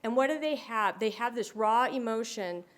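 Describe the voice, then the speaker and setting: A woman with a somewhat high voice speaks at a normal pace while addressing an audience on dementia care. She tells stories with lots of animation, acting out the voices of the people she quotes.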